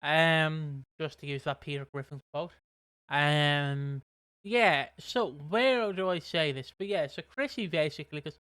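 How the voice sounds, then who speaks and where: A man's voice: a little high, a little slow, sharp tone, dry recording. A man with a British accent, co-hosting a podcast, recapping a soap in casual chat, rambling and swearing as he acts out quotes. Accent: British English. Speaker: podcast co-host.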